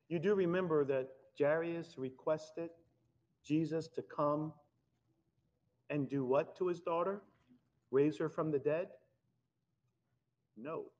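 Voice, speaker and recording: Animated preacher, man, lo-fi sound. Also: on the high side, a little slow, pauses often. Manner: animated, conversational preaching with laughs and acted-out quotes. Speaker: pastor. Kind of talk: sermon. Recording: dull lo-fi sound.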